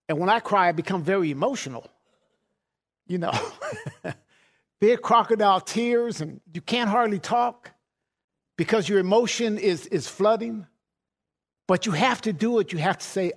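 A man's voice: high-pitched, moderate pace, pauses often. A middle-aged man preaching a sermon in a folksy way, laughing often and repeating words as he goes.

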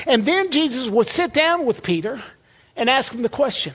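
A man's voice: very high-pitched, very animated, normal speed. A man preaching a sermon in a conversational way, often repeating words and restarting phrases.

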